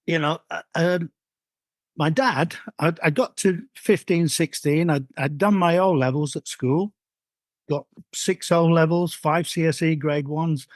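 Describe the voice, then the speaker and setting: An older man from Yorkshire recalling his football youth in an interview, talking in rambling, halting sentences with many restarts. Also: fairly high pitch, no room sound. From Yorkshire, England. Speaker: former footballer, guest. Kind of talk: interview storytelling.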